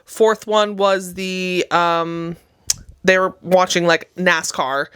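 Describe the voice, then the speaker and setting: A woman's voice: fairly low pitch, slow pace, clean tone, dry recording. A young woman with a slight lisp, co-hosting a podcast and animatedly retelling a movie plot in casual chat. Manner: animated storytelling, acts out characters' voices. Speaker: podcast co-host.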